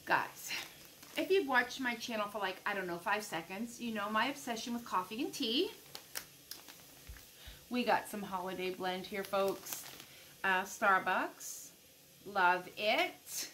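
A middle-aged American woman chatting casually to her viewers while unboxing gifts, gushing and excitable. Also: medium pitch, measured pace, long pauses, slight background noise, poor audio. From United States. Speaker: vlogger.

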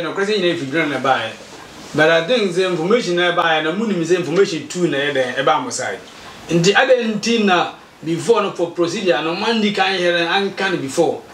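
With a slightly high voice, a Ghanaian community association member animatedly relates events, switching between Twi and English and performing the quoted exchanges. He was recorded in an echoey room from a distant mic, with a little hiss or hum.

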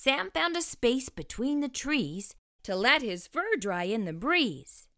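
A woman reading a rhyming children's picture book aloud, slow and expressive. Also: a little high, no echo, clean studio sound. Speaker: storyteller. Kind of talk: children's storybook read-aloud.

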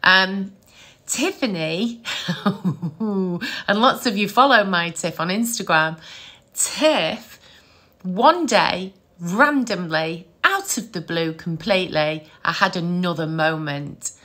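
Bright chatty middle-aged woman. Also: on the low side, slow pace. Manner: chatty, animated, laughs often. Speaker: psychic medium. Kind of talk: casual storytelling to camera.

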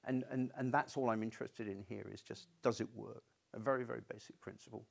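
Guy lecturing at uni, gravelly voice, chatty and loose. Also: medium pitch, fairly even intonation, fast talker. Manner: conversational, stubborn-toned, frequent restarts. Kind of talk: university lecture. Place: university lecture room.

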